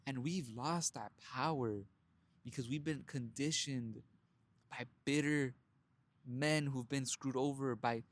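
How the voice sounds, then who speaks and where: A man's voice: mid-range voice, takes it slowly. A young man telling his own story in a casual motivational monologue, blunt and profane, calling his listeners brothers and laughing often. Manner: animated storytelling with frequent laughs. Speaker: self-help vlogger.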